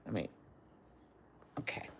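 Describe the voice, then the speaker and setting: Against a noisy background, an older woman talks slowly as she hosts her casual cooking livestream, speaking directly to viewers through a phone in a homey, chatty manner.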